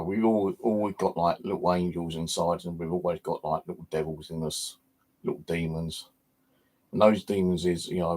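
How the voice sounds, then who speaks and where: A man's voice: sits low, darkish tone. A man hosting a paranormal channel, chatting casually on a livestream, rambling with lots of fillers and casual swearing.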